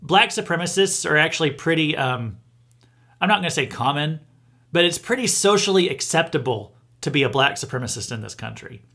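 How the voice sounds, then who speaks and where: A man's voice: on the high side, expressive, a little fast, creaky, pushed and bright, husky. A man hosting a podcast, giving indignant news commentary with emphatic restarts. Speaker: podcast host.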